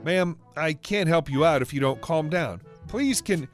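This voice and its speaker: A man voicing a kind older woman store worker who speaks softly and calmly. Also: a little high, measured pace, soft background music. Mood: calm soothing.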